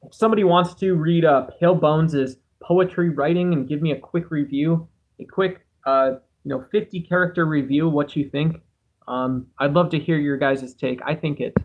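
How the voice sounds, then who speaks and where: A man with a somewhat high voice hosts a relaxed livestream. He reads chat messages aloud and wanders from thought to thought, often putting himself down. He talks into a cheap home microphone. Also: normal speed, phone-quality sound. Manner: rambling, musing, self-deprecating. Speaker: livestream host.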